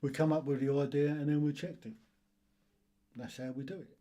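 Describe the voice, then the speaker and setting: A man hosting a casual quiz video, chuckling often and reading the questions out slowly. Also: fairly high pitch, fairly even intonation, warm tone. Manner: chuckling, self-deprecating, reads questions slowly. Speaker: quiz host.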